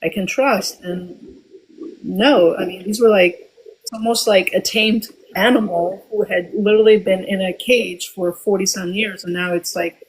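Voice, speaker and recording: A woman in her forties from Albania, telling a personal story as a guest, reflective and often pausing with ums and restarts. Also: medium pitch, fairly even intonation, a little hiss or hum, rough recording.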